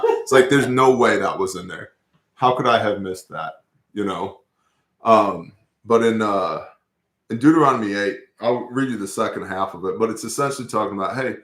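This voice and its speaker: A man's voice: lowish voice, fairly quick. Casual, swearing man in an echoey room. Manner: casual, profane, animated storytelling. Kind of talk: casual scripture discussion.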